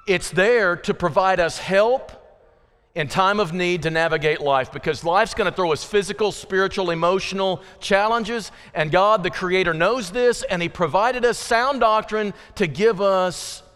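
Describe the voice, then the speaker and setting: Man, preacher, high-pitched voice, conversational sermon, long church reverb. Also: a little slow, fairly bright tone, clear, resonant tone. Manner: conversational, folksy preaching with asides to the congregation. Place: church sanctuary.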